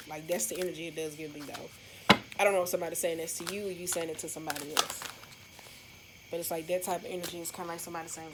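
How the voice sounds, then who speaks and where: A woman's voice: deep voice, steady tone, racing, very noisy. A woman giving a casual tarot love reading, talking straight to her viewers in a loose, rambling way and swearing freely. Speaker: tarot card reader.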